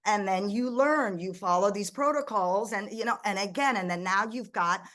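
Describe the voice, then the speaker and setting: A middle-aged woman, a ministry founder raised in the United States, telling stories as an interview guest in a lively way, often restarting her sentences. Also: mid-range voice, normal speed. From Egypt, raised in the United States. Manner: animated storyteller, frequent restarts and quoted dialogue. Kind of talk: conversational interview.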